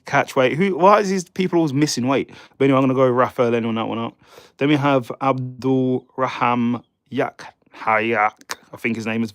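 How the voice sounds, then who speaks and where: A man's voice: medium pitch, clear, resonant tone, dry recording, studio quality. A man from the United Kingdom, hosting a casual live stream, rambling and stumbling over names while chatting with viewers. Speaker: livestream host.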